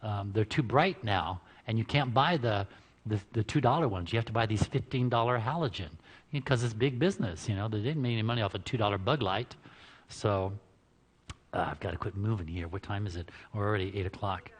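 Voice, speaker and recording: A man's voice: fairly low pitch, brisk, breathy edge. Chatty joking man in a reverberant hall. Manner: joking, chatty, laughs at his own lines. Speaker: health seminar presenter. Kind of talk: informal lecture at a church health seminar. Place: church hall before an audience.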